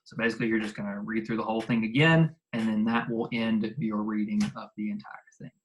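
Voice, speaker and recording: A man teaching a recorded video lesson, talking casually and repeating instructions slowly so students can write them down. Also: lowish voice, fairly even intonation, dull audio, slight background noise.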